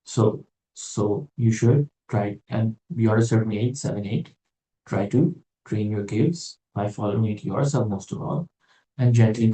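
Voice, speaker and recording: A man's voice: fairly low pitch, mellow. A man giving an informal religious talk as a teacher, musing and digressive, with wry sarcastic asides. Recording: roomy echo, distant from mic.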